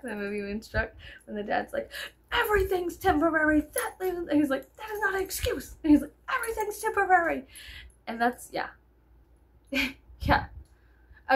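This tired young woman, a vlogger, chats casually to camera, rambling to her viewers. Her mid-range voice sounds creaky and husky, and she swears a lot while cracking sarcastic jokes.

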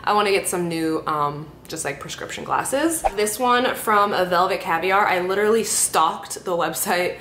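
A woman's voice: moderate pace, hardly any pauses, a bit bright. A young woman vlogging casually to camera, telling stories in a chatty way with lots of "like" and acted-out quotes. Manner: chatty storytelling, many "like"s, acts out quotes. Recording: echoey room with faint rumble.

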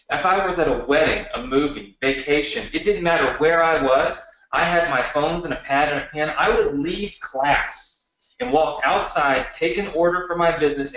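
A man in his thirties giving a motivational webinar pitch, talking straight to viewers and asking them questions. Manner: energetic, talks to viewers with yes-questions. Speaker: online marketing presenter. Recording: echoey room.

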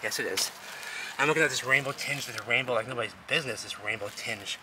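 An excitable man with a mid-range voice narrates a casual outdoor vlog, rambling, repeating phrases and calling the viewer "baby." His camera mic picks up clear outdoor ambience and traffic behind him, giving it a noisy handheld sound. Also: mid-range voice, quick pace. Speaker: vlogger exploring urban ruins. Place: outdoors in a wooded city lot.

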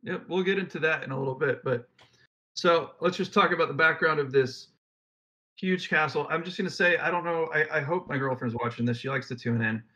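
Bright-voiced young man, lo-fi podcast. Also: a little high, brisk. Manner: rambling, jokey, reads facts aloud then riffs. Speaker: podcast co-host. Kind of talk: casual podcast chat. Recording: dull lo-fi mic.

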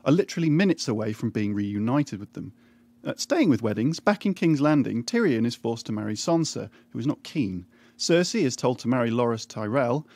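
A man narrates a scripted comic recap. His delivery is dry and deadpan, dropping irreverent asides without pausing. His pitch sits in a plain middle range for a man.

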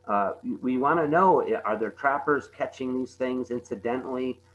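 Male presenter, mid pitch, walks through wildlife slides in a halting, filler-heavy way; dull lo-fi audio with a faint hum. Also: fairly bright tone. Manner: halting, repeats words, many fillers. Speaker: conservation presenter.

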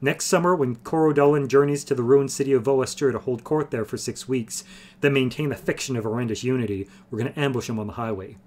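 A man's voice: medium pitch, quick pace, darkish tone, a little hiss or hum, close to an everyday voice. A man voicing a fiery, idealistic young male patriot in a fantasy audiobook reading. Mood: fervent. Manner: intense, hot.

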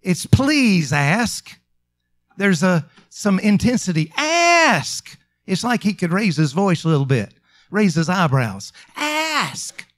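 A man preaching a sermon, drawing out some phrases slowly and rising to emphatic calls. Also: high-pitched. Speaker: pastor.

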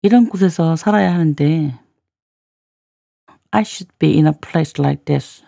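A woman teaching English phrases, saying each in Korean and then slowly repeating it in English. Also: deep voice, vocal fry, warm tone, dry recording. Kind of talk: slow repeat-after-me language drill.

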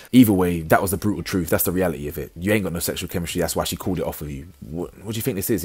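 A man's voice: sits low, slightly rough. A man with blunt, heavy talk and stumbling restarts, recapping a reality show episode in casual commentary. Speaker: reality TV reviewer.

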